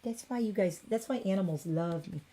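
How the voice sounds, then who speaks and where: A woman's voice: medium pitch, a little fast, dark tone. A woman in her forties chatting casually on a beauty livestream from her home bathroom, rambling and cooing at her cat.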